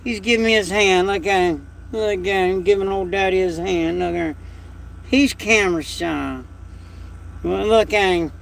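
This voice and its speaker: A man's voice: high-pitched, moderate pace, creaky, a bit bright, a little hiss or hum. A man, hosting a casual livestream chat from home at night, talking in a rambling, folksy and emotional way. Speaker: livestream host.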